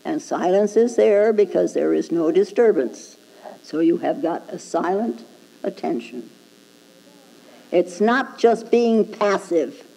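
A woman's voice: on the low side, animated, slow, creaky, dark tone, poor audio. A woman Zen teacher giving a dharma talk, prodding her listeners with rhetorical "hmm?" questions and chuckling at her own points.

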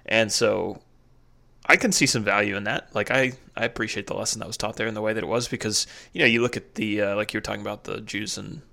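A man co-hosting a podcast, with a low, gravelly voice that has a bright, tense edge. He hesitates often and gropes for his words in casual conversation. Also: fairly even intonation, fast talker. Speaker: podcast co-host.

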